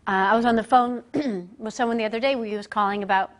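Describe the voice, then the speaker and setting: A woman working as a communication coach, giving a lively, conversational business presentation to a group and acting out the voices she quotes. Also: on the high side, fast talker. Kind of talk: live business presentation to an audience. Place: presentation room, speaking standing before a group.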